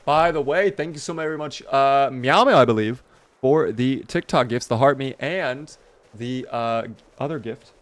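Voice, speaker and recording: A man's voice: medium pitch, unhurried. Tired young guy streaming a zombie game, chatty, thanks chat a lot, normal mid voice. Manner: chatty, thanks viewers by name, mutters while looting. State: tired, yawning. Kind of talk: casual live-stream commentary.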